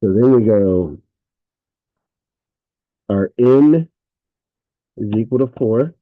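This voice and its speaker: A man's voice: fairly low pitch, animated, takes it slowly, dry recording, phone-quality sound. A man teaching a recorded math lesson, thinking aloud as he works through problems and correcting himself with frequent fillers.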